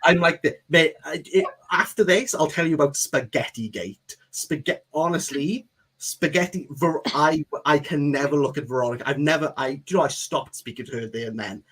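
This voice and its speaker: A man's voice: fairly high pitch, fairly quick, slightly rough. A man on a podcast, telling a rambling comic story and acting out the people in it. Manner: animated, rambling, acts out quoted voices. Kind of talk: casual chat, comic storytelling.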